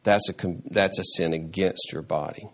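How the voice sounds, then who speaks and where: A man preaching a sermon as pastor, animated, repeating words and restarting phrases, with sudden rises into a high voice for emphasis. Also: normal speed.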